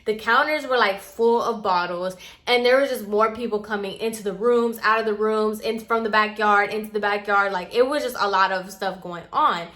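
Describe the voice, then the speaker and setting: Bright-voiced chatty young woman. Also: medium pitch, normal speed, few pauses. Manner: chatty, says "like" constantly, animated retelling. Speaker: vlogger. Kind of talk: casual storytime.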